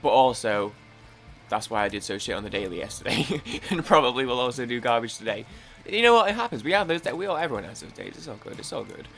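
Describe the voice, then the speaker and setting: A man's voice: medium pitch, big pitch swings, fast, a bit bright, faint music behind. A man chatting casually while playing a video game, rambling, restarting his sentences and swearing now and then. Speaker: gaming YouTuber. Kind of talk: casual let's-play chat.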